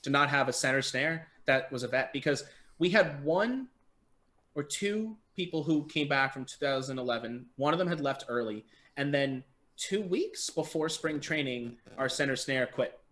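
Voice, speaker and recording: A young adult man, a podcast guest, telling stories in casual chat over a remote call, animated and swearing freely. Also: mid-range voice, normal speed. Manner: animated, swears freely, acts out quoted people. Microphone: remote call mic.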